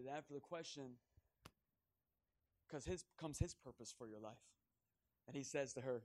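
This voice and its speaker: A man's voice: mid-range voice, moderate pace, pauses often, a little mellow. A man preaching a sermon, joking and self-mocking as he addresses the church. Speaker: pastor.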